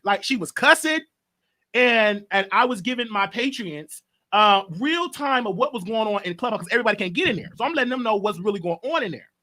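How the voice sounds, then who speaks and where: Bright-voiced man recapping online drama. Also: sits high. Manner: rambling storytelling, repeats himself; reports overheard talk to viewers. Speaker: gossip show host. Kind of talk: casual gossip commentary.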